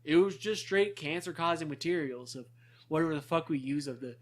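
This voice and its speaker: A man's voice: on the high side, a little fast. A young man co-hosting a podcast, rambling in casual chat, swearing a lot and laughing often. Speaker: podcast co-host.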